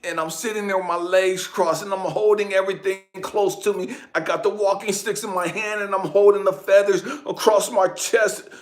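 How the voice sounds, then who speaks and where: A man giving an emotional personal testimony, dropping to hushed whispers and then breaking into shouted outbursts as he talks straight to the viewer. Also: high-pitched, fairly even intonation, moderate pace, hardly any pauses. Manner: addresses the viewer directly, urging them to stay with him. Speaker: spiritual channel host.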